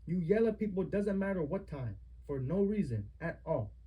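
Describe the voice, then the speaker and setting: Stern, husky high-pitched man scolding. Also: animated, normal speed, lo-fi sound. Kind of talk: heated lecture to a family member at home.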